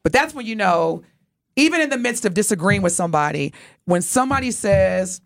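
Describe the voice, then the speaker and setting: A woman's voice: medium pitch, very animated, fairly quick, vocal fry, dry recording, studio quality. A woman co-hosting a radio talk show, telling a story in an earnest, heartfelt way. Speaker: radio co-host.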